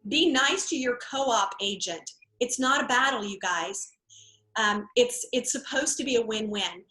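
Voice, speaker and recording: A woman's voice: a little high, expressive, measured pace, sharp tone. A woman real estate trainer teaching an online workshop in a conversational, laid-back way. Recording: echoey room.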